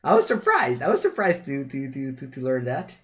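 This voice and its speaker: A young Italian man with a medium-pitched voice talks a little fast, chatting casually with viewers as he streams a card game. He's chatty and animated, slipping between English and Italian phrases, and his Italian accent is clear.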